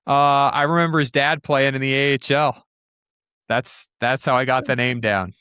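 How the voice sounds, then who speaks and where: A man's voice: medium pitch, steady tone, moderate pace, bright, forceful tone, smooth, dry recording. A man with an ordinary mid-range voice keeps a sports podcast moving with upbeat, playful banter. He teases his co-host in easy conversation. The mic is close and dry. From Utah. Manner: upbeat, teasing. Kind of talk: casual sports talk.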